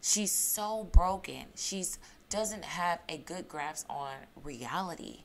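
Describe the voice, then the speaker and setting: A woman's voice: on the low side, lively intonation, slow, a little hiss or hum. A woman giving emphatic reality TV recap commentary, repeating her points and asking her viewers questions. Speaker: YouTube commentator.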